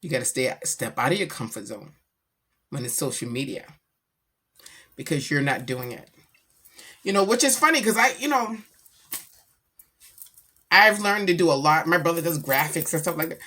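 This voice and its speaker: A middle-aged woman chatting casually about her daughter, animated and slangy as she tells stories. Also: low voice, normal speed, pauses often, breathy edge. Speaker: vlogger, mother. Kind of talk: casual chat.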